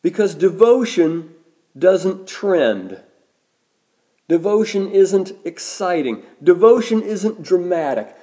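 A man preaching a sermon as a pastor, measured and deliberate, slowing down to stress key words. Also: high voice, sing-song, warm tone.

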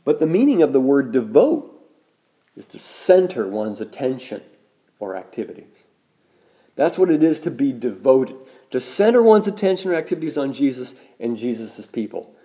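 Mellow-voiced male pastor preaching. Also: medium pitch, sing-song. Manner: measured preaching, slows to stress key words. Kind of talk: sermon.

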